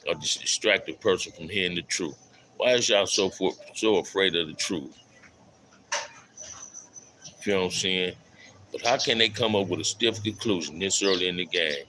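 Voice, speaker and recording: A man's voice: low-pitched, pushed and bright, a little hiss or hum, rough recording. A middle-aged man hosting a casual livestream, reading chat aloud, repeating his phrases and calling out viewers in loose street slang. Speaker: livestream host. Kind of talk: casual live stream talk reading chat.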